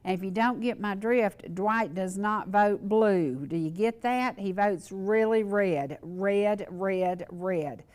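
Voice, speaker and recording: A woman's voice: mid-range voice, slow pace, few pauses, a little mellow. A woman hosting a local talk show, speaking earnestly and repeating words for emphasis.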